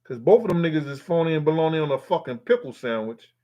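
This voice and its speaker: A man's voice: a little high, lively intonation, fast talker, mellow. A man hosting a live stream, reading viewers' comments aloud and answering them in a loose, profane, rambling way. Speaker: livestream host reading chat. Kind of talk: casual live-stream chat.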